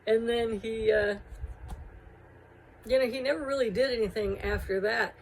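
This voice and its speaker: A woman's voice: on the high side, moderate pace, vocal fry, a little hiss or hum, rough recording. Amused woman telling a hometown story. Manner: animated, amused, with laughing asides. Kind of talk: casual personal storytelling.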